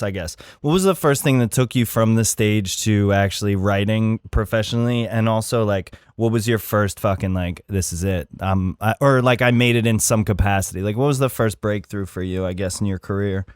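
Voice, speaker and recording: A man hosting a casual podcast interview, talking loosely with plenty of swearing and quick agreement. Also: fairly low pitch, clear, resonant tone, no room sound, studio quality. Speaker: podcast host.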